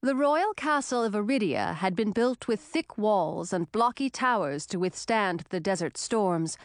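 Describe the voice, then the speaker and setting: A woman narrates a novel in calm, even scripted storytelling. Her voice sits at a middle pitch. The sound is dry and close. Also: a little slow, dry recording. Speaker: audiobook narrator.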